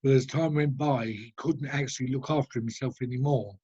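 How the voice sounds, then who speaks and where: Man medium, husky, halting, describes at length; muffled video call sound. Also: medium pitch, mellow. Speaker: spiritualist medium.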